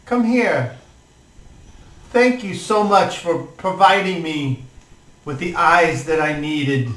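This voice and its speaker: A man's voice: fairly high pitch, takes it slowly, fairly bright tone. A man voicing a father who speaks in an eager, grateful way. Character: emotional father thanking his helper. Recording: roomy echo, distant mic.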